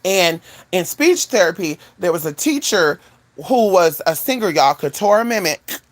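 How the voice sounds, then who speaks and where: A woman vlogger telling a casual story to her viewers, animated, with asides to the audience. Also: normal speed. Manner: animated, swoops high for quoted voices, chatty asides to viewers.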